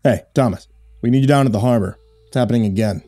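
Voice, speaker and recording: A man doing an urgent rough fisherman. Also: mid-range voice, fast talker, mellow, close to an everyday voice. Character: burly adult fisherman and councilor, urgent.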